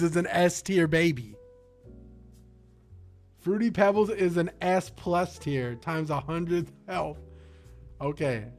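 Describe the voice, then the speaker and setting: Excitable young male streamer, slangy and loud. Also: fairly high pitch, slow, long pauses, soft background music. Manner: loud, slangy and excitable, swearing and joking with chat. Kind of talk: casual livestream chat.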